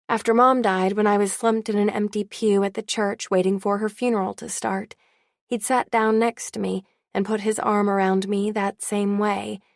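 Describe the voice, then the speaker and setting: Woman, audiobook narrator, first-person, wry, candid, gravelly voice. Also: mid-range voice, no echo, clean studio sound.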